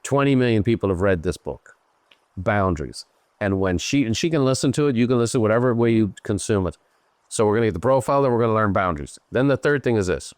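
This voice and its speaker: A middle-aged Irish man hosting a show, coaching a guest in an animated, emphatic way. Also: fairly low pitch, quick pace, dry recording. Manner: animated, emphatic, slips into playful voices for others. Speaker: host and business coach. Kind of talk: live coaching Q&A.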